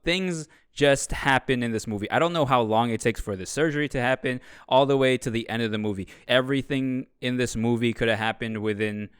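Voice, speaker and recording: A man's voice: mid-range voice, a bit bright, clean tone, dry recording. A young man giving a casual, sarcastic movie review, swearing freely and acting out the characters. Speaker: video host reviewing a movie. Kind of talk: casual comedic commentary.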